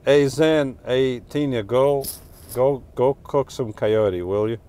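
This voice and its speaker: Speaking slowly in a warm, clean, medium-pitched voice, this middle-aged Portuguese man with a New Jersey–New York accent runs a casual live stream. He reads comments, rambles, jokes, and keeps correcting himself.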